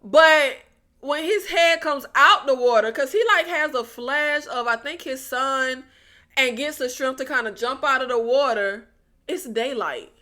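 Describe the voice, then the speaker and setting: A woman's voice: high voice, unhurried, sharp tone. A woman recapping a TV episode in a casual, exasperated tone, firing off sarcastic rhetorical questions at her viewers. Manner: addresses viewers as y'all. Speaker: TV recap vlogger.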